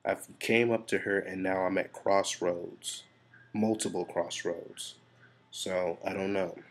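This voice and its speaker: A man with a low, deep voice speaks straight to his camera in a confessional vlog. He sounds stressed and frustrated. He rambles and swears freely as he thinks aloud. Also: steady tone, slow. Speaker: vlogger.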